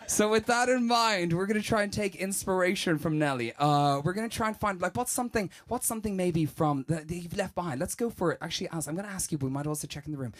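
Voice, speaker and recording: A man hosting a live radio studio comedy set, teasing and quick with jokes. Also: high-pitched. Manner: quick, teasing, self-mocking. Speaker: comedy rapper host. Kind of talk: joking live studio banter.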